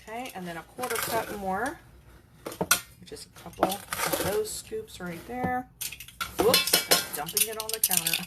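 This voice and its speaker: Loud kitchen clatter, with dishes, cutlery and stirring, makes the recording very noisy around this woman's mid-range voice. She's a channel host filming a casual cooking vlog at home, laughing frequently and talking sweetly to her cats as she cooks.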